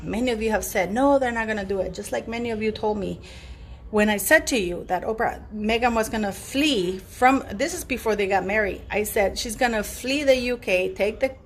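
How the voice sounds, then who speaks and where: A woman's voice: mid-range voice, a little hiss or hum. A woman hosting her own channel, talking to viewers in a casual commentary monologue. She is emphatic, stresses her words and repeats her points. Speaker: YouTube channel host.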